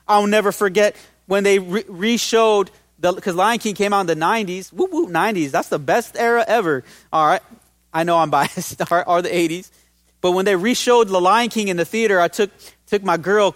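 A man preaching a lively sermon as pastor, calling out to his congregation and building up to emphatic lines. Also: high-pitched, no echo, clean studio sound. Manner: energetic, call-and-response exhortation.

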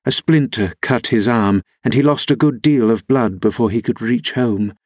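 A man narrating a classic novel as an audiobook reader, in a measured, even storytelling delivery. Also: medium pitch, dry recording, clean studio sound.

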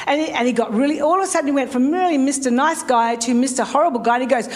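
A woman's voice: sits high, brisk, slight background noise. A middle-aged woman pastor, telling a story in a sermon and acting out phone calls.

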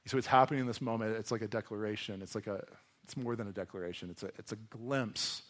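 A man preaching a sermon to a congregation in a conversational, animated way, often acting out voices as he reads and explains scripture. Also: fairly low pitch, fast. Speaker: pastor. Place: church hall before a congregation.

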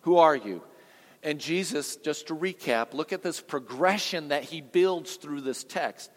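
A man preaches a sermon in a church sanctuary, his fairly high voice dropping to near-whispers before surging into loud peaks. He keeps putting questions to the congregation. A long reverb from the large hall trails each phrase. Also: expressive, a little slow. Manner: dynamic preaching, swinging from hushed to booming. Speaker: pastor.

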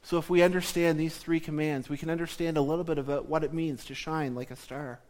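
Measured man preaching a sermon. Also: a little high, fairly even intonation, a little mellow. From southern Ontario. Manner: measured teaching tone, slowing for emphasis.

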